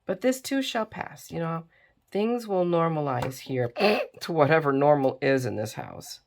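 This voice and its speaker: A tired, middle-aged woman talks her way through a crafting project in a relaxed, chatty way. Her voice sits low and has a gravelly edge. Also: a little slow, a little hiss or hum. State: tired and yawning. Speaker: crafting video host. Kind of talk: casual crafting tutorial chat.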